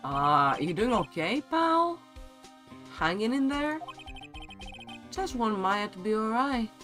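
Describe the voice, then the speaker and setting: A man's voice: sits high, very animated, takes it slowly, pushed and bright, faint music behind, pitched above the performer's own voice, full character voice. A man reading the lines of a loyal, scruffy male police detective in a game, in a plain, friendly tone. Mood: earnest. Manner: friendly, says "pal" a lot.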